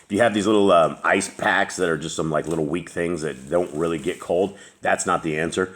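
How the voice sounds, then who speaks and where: Man, very low voice, host of a casual chat, rambling, lots of fillers. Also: brisk, fairly bright tone. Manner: rambling, with many fillers and restarts.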